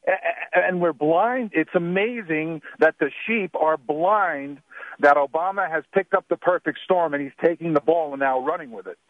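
A man's voice: a little high, normal speed, no room sound. A man calling in to a radio show, earnest and agreeable. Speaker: caller. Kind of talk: call-in radio. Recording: tinny phone line.

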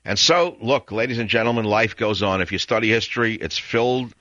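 A man's voice: fairly low pitch, fairly quick, bright, forceful tone, no echo, muffled recording. An older man hosting a radio talk show from a studio, rambling and reflective with wry asides.

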